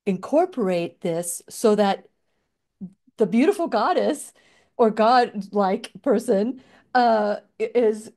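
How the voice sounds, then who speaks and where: A woman's voice: fairly high pitch, dark tone. A middle-aged woman hosting her own radio show, speaking in a heartfelt, emotional way, with restarts and small laughs. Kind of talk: reflective solo talk.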